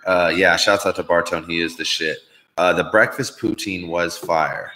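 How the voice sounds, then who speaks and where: Low-voiced man in profane rambling chat. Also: moderate pace, bright, forceful tone, slight background noise, rough recording. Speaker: podcast host. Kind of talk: casual live-stream chat.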